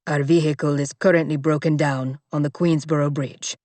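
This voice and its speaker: A woman voicing a stern, terse male bodyguard in an audiobook, speaking gruffly. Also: low-pitched, fairly even intonation, normal speed, a little mellow, dry recording, pitched below the performer's own voice, natural voice. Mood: grim.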